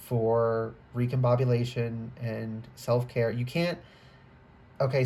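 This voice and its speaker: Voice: mid-range voice, mellow. A tarot reader giving a casual, rambling reading to camera indoors, often trailing off, restarting and becoming emotional. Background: faint computer fan hum.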